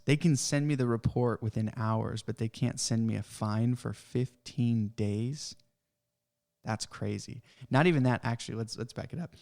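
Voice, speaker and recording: A man's voice: mid-range voice, gravelly, a little mellow. Frustrated man venting on a podcast. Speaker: pest control business owner, podcast host. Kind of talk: casual podcast rant.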